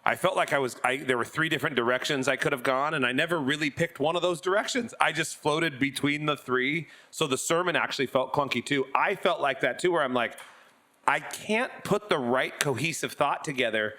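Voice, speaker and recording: A male pastor with a bright, forceful voice, chatting casually. His humor is dry and his reactions come quickly, so his jokes land in a deadpan way. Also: a little high. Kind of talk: casual chat.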